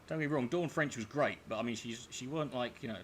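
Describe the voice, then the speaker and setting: A man's voice: medium pitch, fast talker, slight background noise. A man hosting a livestream, chatting casually with lots of fillers and restarts. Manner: rambling, filler-heavy, restarts often. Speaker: livestream host. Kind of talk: casual chat.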